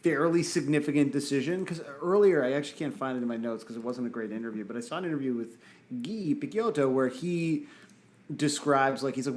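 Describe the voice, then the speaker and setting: A man's voice: mid-range voice, fast. A young man hosting a podcast in casual chat, rambling and swearing and restarting his sentences often. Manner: rambling, profane, restarts a lot. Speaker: podcast host.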